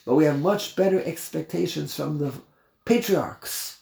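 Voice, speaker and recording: A man's voice: on the high side, measured pace, creaky, mellow. A man teaching a verse-by-verse Torah class, mixing Hebrew terms into English, emphatic, with many repeated phrases and rhetorical questions. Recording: roomy echo, faint ambience.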